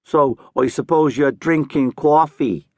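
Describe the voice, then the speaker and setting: A man's voice: a little high, a little slow, no echo, pitched above the performer's own voice. A man reading an audiobook, voicing a playful Irish woman who teases her husband on the phone. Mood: playful teasing. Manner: playful, teasing. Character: teasing Irish woman, McAvoy's wife.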